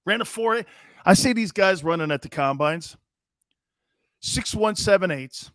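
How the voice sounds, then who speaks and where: A man's voice: sits high, unhurried, no echo, clean studio sound. A man in his fifties hosting a sports talk show, telling boisterous, rambling anecdotes with emphatic restarts. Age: 50s. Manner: animated, emphatic storyteller.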